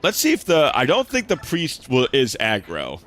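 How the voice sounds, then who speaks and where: A man's voice: medium pitch, wildly swooping pitch, moderate pace, a bit bright. A young man giving casual, rambling commentary while streaming a video game, with lots of fillers and restarts. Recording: faint game music behind.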